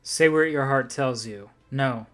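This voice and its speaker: A man's voice: mid-range voice, measured pace, fairly bright tone, faint music behind. A man playing through a visual novel, reading its lines aloud with casual, swearing commentary. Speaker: let's player.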